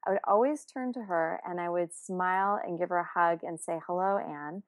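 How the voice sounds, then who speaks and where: A woman telling a personal story in a casual, animated way, with many fillers and restarts. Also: fairly low pitch, moderate pace.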